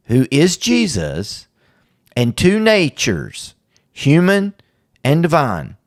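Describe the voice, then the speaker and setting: A man hosting a podcast, explaining church history and theology in a casual teaching chat with quick asides. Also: medium pitch, no echo, studio quality.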